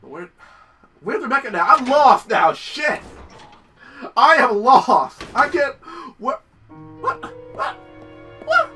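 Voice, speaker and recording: High excitable young gamer guy. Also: far from the mic, low-quality recording. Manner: excitable, swears, shrieks when startled. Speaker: gameplay commentator. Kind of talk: casual let's-play commentary.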